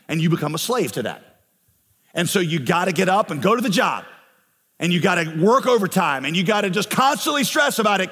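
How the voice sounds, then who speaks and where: A man's voice: on the high side, a bit bright, big-room sound. A man preaching a sermon as pastor, earnest and building in passion on key phrases. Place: church sanctuary.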